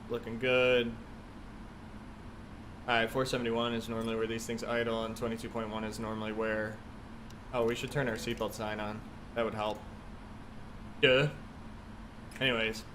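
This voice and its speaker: Male streamer, casual chat, thinks aloud through cockpit checklists, medium pitch, faint background hum. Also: fairly bright tone. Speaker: flight sim streamer. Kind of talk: casual live-stream commentary.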